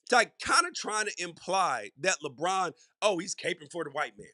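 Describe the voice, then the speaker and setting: Bright-voiced man hosting a sports podcast. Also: sits high, big pitch swings, moderate pace, no echo, clean studio sound. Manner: conversational, emphatic, repeats for stress. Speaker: podcast host. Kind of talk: solo sports commentary.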